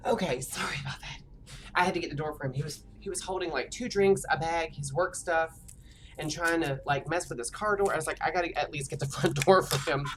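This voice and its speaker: A woman's voice: deep voice, brisk, background noise. A woman streaming a game from home, chatting casually and rambling with lots of fillers. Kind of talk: casual chat while gaming.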